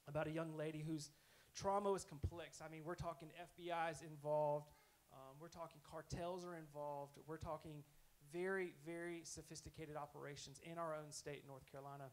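A man's voice: fairly high pitch, steady tone, a little fast, a little hiss or hum, low-quality recording. A man preaching a sermon in a conversational, earnest storytelling way. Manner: conversational, earnest, self-correcting.

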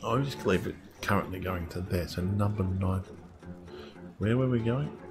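A man with a very deep, low-pitched voice talks through a game as he plays, rambling and thinking aloud in a casual way. Guitar music plays clearly in the background. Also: moderate pace. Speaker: gamer streaming his play. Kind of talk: casual let's-play commentary.

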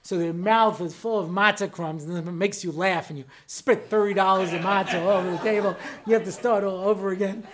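A man's voice: sits high, fairly even intonation, crowd noise. Joking rabbi man, chatty storyteller. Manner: joking storyteller who mimics people in quick exchanges; conversational, with frequent asides asking the listeners if they follow. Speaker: rabbi and lecturer. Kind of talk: humorous lecture to an audience.

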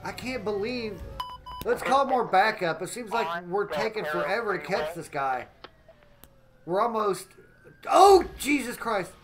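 A man giving excitable live gameplay commentary as a streamer, often exclaiming and greeting his chat. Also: sits high, measured pace, background noise.

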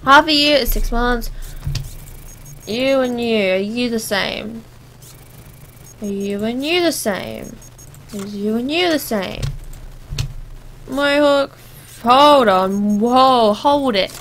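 A woman doing let's play commentary, sarcastic and animated, talking back at the characters on screen. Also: fairly high pitch, slow, long pauses, slight background noise, low-quality recording. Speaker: gameplay commentator.

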